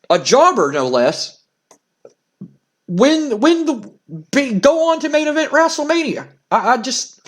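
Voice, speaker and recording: A male let's play host narrating a wrestling sim in an excitable way, often stammering in disbelief. His voice is high for a man and it jumps around a lot.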